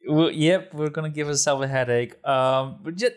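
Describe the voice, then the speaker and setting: A man's voice: on the high side, moderate pace. A man hosting a casual podcast chat, agreeable, steering the topics and laughing often. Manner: steering the talk, agreeable, with frequent laughs and fillers. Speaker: podcast host.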